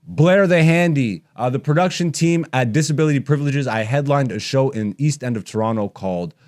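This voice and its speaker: A man's voice: medium pitch, fast talker, a little mellow. A man in his thirties, a comedian hosting his podcast, ranting bluntly and profanely while gaming.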